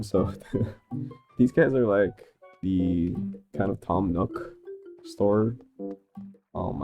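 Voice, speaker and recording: A woman casually rambling through a gameplay commentary, chatty and quick to laugh at herself. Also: rumbling low, mellow. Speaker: gaming vlogger. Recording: game music behind.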